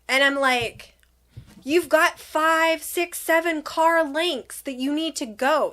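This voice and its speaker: A young woman vlogger chatting casually to camera, animated, dramatic asides. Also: high voice.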